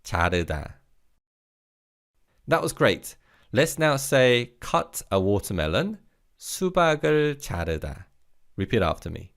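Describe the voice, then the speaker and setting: A man teaching a recorded vocabulary lesson, leading slow repeat-after-me drills and praising the learner between words. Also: mid-range voice, very animated, creaky. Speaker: language teacher.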